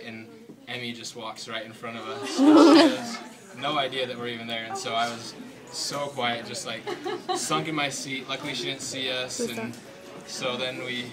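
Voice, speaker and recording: A man's voice: mid-range voice, far from the mic, rough recording. Chatty young man telling a story. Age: young adult. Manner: relaxed, chatty, with nervous laughs. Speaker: newly engaged college student. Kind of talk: casual storytelling to an audience.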